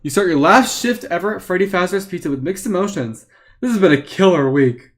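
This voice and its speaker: A man's voice: high-pitched, expressive, a little fast. A man reading an interactive book aloud live for friends, playful with joking asides.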